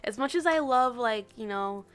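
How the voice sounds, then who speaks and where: A young woman on a live game stream talks casually to her viewers and the characters on screen. She teases and laughs often, in a fairly high voice. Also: lively intonation, normal speed, fairly bright tone, smooth, soft background music. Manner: playful, laughs often, teasing asides.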